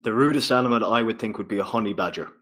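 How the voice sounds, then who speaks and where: A man co-hosting a casual fan podcast, blunt and sweary with deadpan humor. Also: fairly low pitch, racing. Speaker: podcast co-host. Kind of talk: casual chat.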